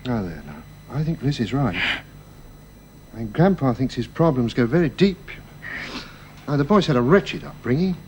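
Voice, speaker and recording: An actor playing a gentle, anxious middle-aged father who soothes with hesitant restarts in a radio drama. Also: medium pitch, very animated, normal speed, pauses often, slight background noise, close to an everyday voice. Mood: soothing.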